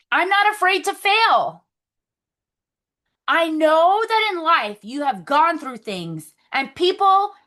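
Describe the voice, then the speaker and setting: A woman leading a motivational video call for her sales team, upbeat and coaching, breaking into excited affirmations. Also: high voice. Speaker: team leader.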